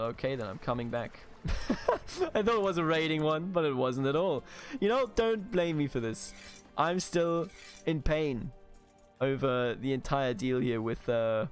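A man from Bavaria with a German accent, casually commenting on a strategy game he plays, swearing, laughing and talking to the game's characters. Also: mid-range voice. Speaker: let's play host.

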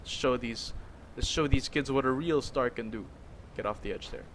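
Excitable young gamer man commentating. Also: medium pitch, moderate pace, a little hiss or hum. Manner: excitable, jokey, talks to his character. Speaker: gaming YouTuber. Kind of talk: let's play commentary.

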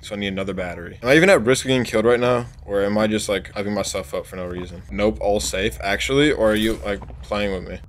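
A man's voice: on the low side, fairly even intonation, fast, few pauses, slight background noise. A man streaming a horror game, reacting jumpily, swearing, and talking to his chat. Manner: jumpy, swears, shouts when scared, talks to chat. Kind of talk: horror game let's play commentary.

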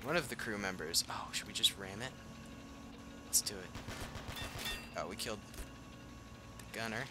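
A young gaming channel host with a voice on the low side chats casually at a moderate pace while playing a war strategy game. He reacts aloud and laughs at himself, with faint game noise audible behind him.

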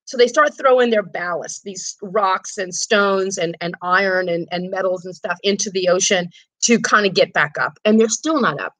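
A woman tour guide telling history stories in a chatty, animated way on a live stream, acting out quotes as she goes. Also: medium pitch, moderate pace, dry recording, rough recording. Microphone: phone or camera on a live stream.

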